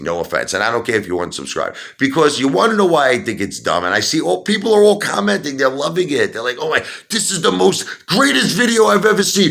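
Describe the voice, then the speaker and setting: A middle-aged man ranting heatedly to his viewers about stocks, repeating himself and rising to shouts. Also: on the low side, vocal fry. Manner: animated, repetitive, rising to shouts. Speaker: stock market video host. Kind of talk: heated opinion rant.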